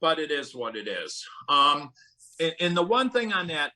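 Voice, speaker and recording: Speaking as an interview guest, a middle-aged man shares personal stories about recovery with earnest conviction and sudden emphatic bursts. His voice is a little high and sing-song, bright and forceful, at a normal speed, captured on a low-quality recording.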